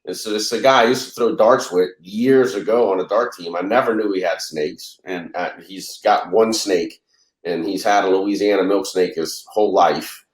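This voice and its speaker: A man's voice: sits low, normal speed. A man and reptile breeder, a guest on the show, telling a rambling, casual story and acting out the dialogue. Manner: rambling, acts out dialogue in anecdotes. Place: lives in Louisiana. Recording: roomy echo.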